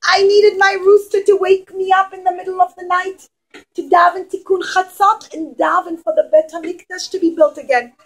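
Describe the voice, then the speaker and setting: A woman's voice: very high voice, fairly even intonation, normal speed, pitched above the performer's own voice, rough recording. A woman voicing a pious elderly male rabbi who laments with fretful distress in a children's puppet show.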